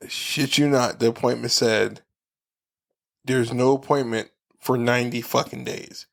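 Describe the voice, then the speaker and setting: A man co-hosting a podcast, telling a story in casual, profane chat and acting out the people he quotes with animated, shifting voices. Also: medium pitch, a little slow, creaky. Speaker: podcast co-host.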